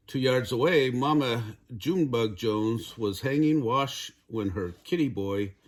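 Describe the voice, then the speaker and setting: Slow, gentle grandpa reading aloud. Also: male voice, medium pitch. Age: older. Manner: gentle, unhurried, chuckling. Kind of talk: storybook read-aloud.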